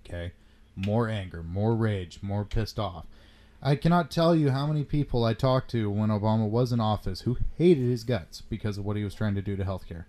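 A man's voice: fairly low pitch, normal speed, dark tone. A man in casual political chat, talking bluntly with plenty of swearing and rhetorical questions.

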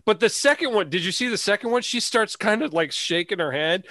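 A giggly man with a fairly high voice chats with friends on a podcast call. His delivery is lively and full of pitch swings, and the sound is close and dry. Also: a little fast, no room sound. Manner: giggly, laughs often. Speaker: podcast co-host. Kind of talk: casual chat.

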